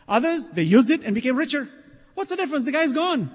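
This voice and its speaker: Man giving a sermon, husky voice, pretty high, swings quiet to loud, long hall echo. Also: big pitch swings, fast. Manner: earnest, emphatic, swinging between soft and loud; recites scripture in Arabic. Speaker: preacher.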